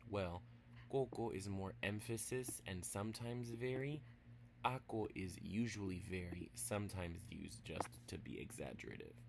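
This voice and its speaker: A man giving a casual language lesson, playful and teasing, spelling words out slowly piece by piece and dropping into quiet asides. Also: deep voice, expressive, gravelly, noisy background. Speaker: language teacher.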